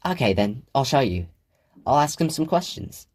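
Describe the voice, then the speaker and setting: A man's voice: mid-range voice, sing-song, normal speed, a little mellow, pitched above the performer's own voice. A man voicing a young girl who talks in a pouty, plaintive way. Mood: evasive. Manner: pouty, plaintive child talk. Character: young girl, sulky and curious.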